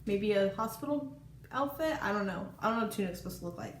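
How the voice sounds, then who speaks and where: A woman chattily retelling a book in a casual vlog, animated and exclamatory, with lots of "like" as filler. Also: mid-range voice, fast. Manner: chatty retelling, heavy use of "like". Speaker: book vlogger. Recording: echoey room with faint noise.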